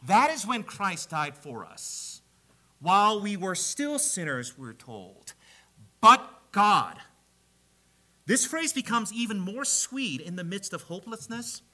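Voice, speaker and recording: A man preaching a sermon, emphatic, growing loud on the repeated key phrases. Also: high voice.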